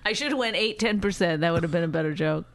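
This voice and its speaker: A woman's voice: on the low side, fast, a little hiss or hum. A woman comedian co-hosting a podcast, teasing and mocking with a sarcastic, profane edge. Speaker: podcast co-host. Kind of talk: casual comedic banter.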